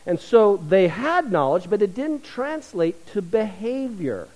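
A man's voice: high voice, sing-song, measured pace, darkish tone, low-quality recording. A middle-aged male pastor preaching a sermon, telling stories with self-deprecating humor before turning earnest.

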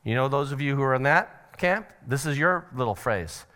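A middle-aged man teaching a parenting seminar at church, animated and acting out family scenes with sudden shouted voices. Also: medium pitch, a little fast, clean tone.

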